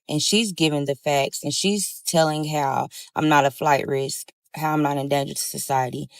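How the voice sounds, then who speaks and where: A woman's voice: low-pitched, no room sound. A young woman recounting her own story time, talking animatedly and addressing listeners as y'all.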